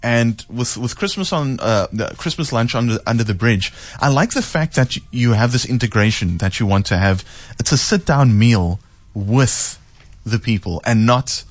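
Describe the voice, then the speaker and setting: A man's voice: mid-range voice, lively intonation, moderate pace, dry recording. A man hosting a radio interview, encouraging his guests and often murmuring agreement. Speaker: radio host.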